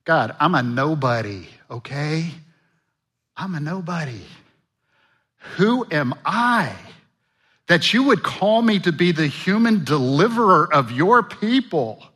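A preacher putting on a panicked Moses. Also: male voice, on the high side, lively intonation, takes it slowly, fairly bright tone, slightly rough, voice pushed up, heavily acted. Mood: pleading. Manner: pleading, incredulous, rising. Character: frightened middle-aged male Moses pleading with God.

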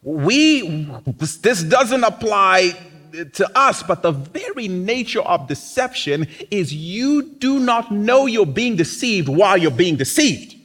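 A man's voice: high-pitched, big pitch swings, takes it slowly, a bit bright. A man preaching a sermon in a conversational, teasing way, often acting out mocking quotes.

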